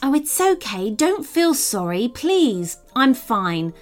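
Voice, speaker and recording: A woman's voice: a little high, big pitch swings, slow, faint music behind. A woman voicing a kind, earnest young girl princess in a storybook reading, eager and caring. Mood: reassuring. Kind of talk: storybook read-aloud.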